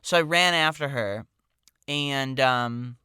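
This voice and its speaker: Male podcast storyteller, chatty and meandering, crisp bright tone, close dry sound. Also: medium pitch, takes it slowly, no room sound. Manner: rambling, full of "like" and "um". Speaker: podcast host telling a personal story. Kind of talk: casual storytelling monologue.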